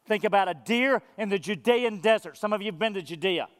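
A man's voice: sits high, expressive, fairly quick, big-room sound. A man preaching a sermon to his church, earnest and emphatic, repeating phrases for weight. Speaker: pastor.

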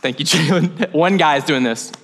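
A man's voice: on the high side, normal speed, fairly bright tone. A young man preaching a sermon as pastor, conversational and joking, with off-the-cuff asides.

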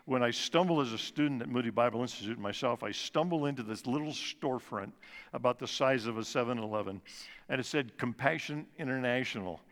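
Speaking as a guest at a church service, a man in his sixties offers an earnest personal testimony, easing his pace and lowering his voice for emphasis. He has a medium pitch, and the sanctuary gives a long, large-hall reverb.

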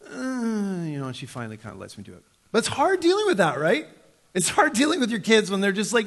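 A man's voice: wildly swooping pitch, fast, a bit bright. A man in his thirties preaching a sermon in a conversational way, acting out the voices he quotes. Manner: conversational, acts out quoted voices with sudden pitch jumps. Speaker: pastor.

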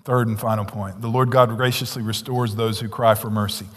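A male pastor preaching a sermon, swinging between loud emphatic declarations and hushed, near-whispered asides. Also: on the low side, fairly even intonation, fairly quick, hardly any pauses. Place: church sanctuary. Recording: long hall reverb, church sanctuary.

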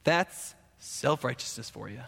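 A man's voice: mid-range voice, measured pace, creaky. A male pastor delivering a conversational sermon, acting out the people he quotes. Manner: animated, conversational, acts out quoted voices. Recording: echoey hall with long reverb.

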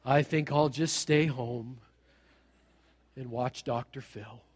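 A man voicing a gloomy, timid male churchgoer who talks in a slow, mopey mutter. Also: mid-range voice, steady tone, breathy edge, pitched below the performer's own voice. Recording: long hall reverb.

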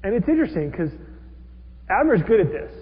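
A man preaching a sermon as a pastor, animated, acting out the figures he describes. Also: high-pitched, fairly quick. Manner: animated, acts out quoted characters with rising intensity. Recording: dull lo-fi audio with long hall reverb.

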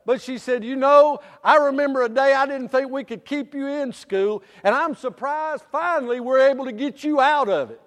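A middle-aged pastor preaching with a high, ringing voice. He climbs into loud, drawn-out preaching and drops back to quiet, plain storytelling. The sound carries the long reverb of a church hall. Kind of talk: sermon.

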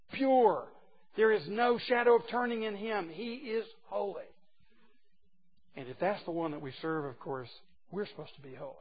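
A man preaching a sermon to a group of men, emphatic and folksy, dropping from loud exclamations to hushed asides. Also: high voice, lo-fi sound. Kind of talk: sermon to a men's gathering.

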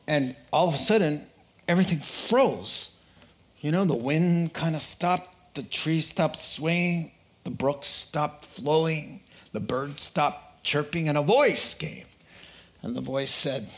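A man preaching a sermon, telling a joke and acting out the characters in quotes with an animated delivery. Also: on the high side, unhurried.

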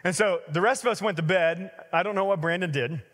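A man in his thirties preaching a sermon as a pastor, telling stories in a lively conversational way with many fillers. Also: high-pitched, fairly quick, long reverb tail.

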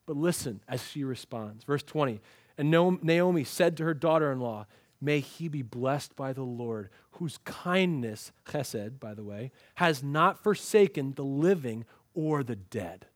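A man's voice: medium pitch, animated, measured pace, dry recording, studio quality. A man preaching an expository sermon, telling the story with energy and acting out the lines he quotes. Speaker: pastor.

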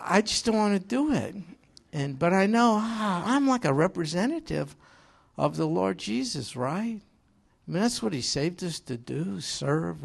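A middle-aged man preaching a sermon, his voice slightly raised in pitch and grainy with fry. He tells homely stories with humor and slips into acted-out quotes. The delivery is lively and conversational from the pulpit. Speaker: pastor.

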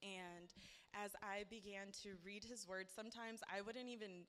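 A woman's voice: medium pitch, fairly even intonation, normal speed, a bit bright, smooth. A woman giving a heartfelt personal testimony at church, speaking earnestly and building to emphatic praise.

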